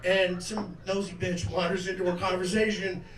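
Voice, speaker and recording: A man in his twenties performs a jovial, crude, self-mocking stand-up set on a comedy club stage. His voice is high-pitched with a flat delivery at a moderate pace. The recording is roomy and distant, with a noisy background and audience laughter.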